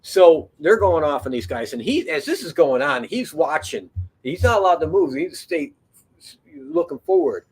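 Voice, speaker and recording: A man's voice: on the high side, sing-song, moderate pace, breathy edge. A man telling a long story in a casual, rambling way, full of fillers, restarts and swearing. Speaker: podcast host.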